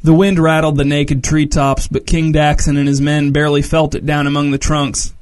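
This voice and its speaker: A man reading a story aloud as narrator, measured and descriptive. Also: on the high side, flat delivery, a little mellow.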